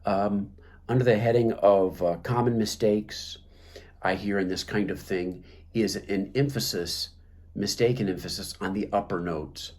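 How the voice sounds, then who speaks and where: Man, lowish voice, clarinet teacher, halting delivery, instructional talk. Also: fairly even intonation, a little mellow. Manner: hesitant, many fillers and restarts.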